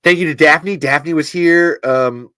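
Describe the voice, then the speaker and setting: A man hosting a casual livestream podcast, reading out viewer comments, talking in an animated and testy way and swearing freely. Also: fairly high pitch, a little slow, no echo, studio quality. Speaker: podcast host.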